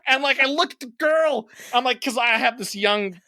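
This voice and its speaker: A man in his thirties co-hosting a podcast, telling a story casually, swearing and acting out quotes with big jumps in pitch. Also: normal speed, pushed and bright, dry recording, studio quality. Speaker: podcast co-host.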